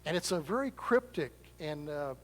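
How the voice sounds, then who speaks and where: A man delivers a sermon from a church sanctuary, his voice sitting a little high for a man. Long reverb from the large hall trails behind each phrase. He preaches in a chatty, self-deprecating way. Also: lively intonation, moderate pace, fairly bright tone. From Arkansas, US. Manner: conversational, self-deprecating storytelling. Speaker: pastor.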